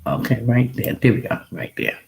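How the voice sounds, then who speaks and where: A woman's voice: extremely low pitch, lively intonation, moderate pace, vocal fry, a little mellow, soft background music. A woman hosting a casual livestream, with an accent that mixes Texan and New York speech. She laughs often and says phrases over and over. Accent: mix of Texan and New York. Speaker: livestream host reacting to a video.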